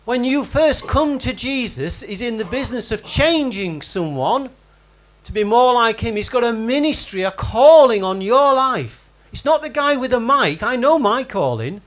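In a church hall full of congregants, a man delivers a sermon in a conversational way, calling on people by name with questions. His voice is very high and fairly bright.

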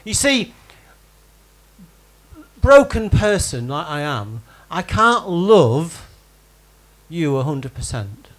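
Lively high-voiced preacher. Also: male voice. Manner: conversational, quizzes congregation by name. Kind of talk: sermon. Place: church hall with congregation.

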